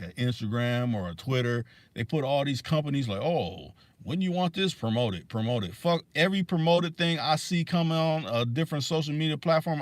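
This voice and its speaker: A man's voice: fairly high pitch, no echo. Guy ranting on his stream, cussing a lot, tripping over words, dead dry room. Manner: heated, profane, stumbling restarts. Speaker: livestream host. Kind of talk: casual rant on a livestream.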